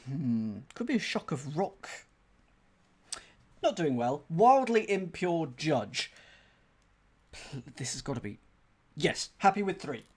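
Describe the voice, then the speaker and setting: Chatty man puzzling aloud, lively pitch. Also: breathy edge. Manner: muses aloud, chatty, self-deprecating, reads clues slowly. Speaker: streamer solving a crossword. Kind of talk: casual thinking-aloud commentary.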